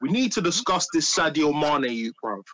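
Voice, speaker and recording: A man's voice: fairly high pitch, moderate pace, crowd noise. A man in casual, teasing football banter with friends. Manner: animated, teasing, slangy. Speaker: podcast co-host.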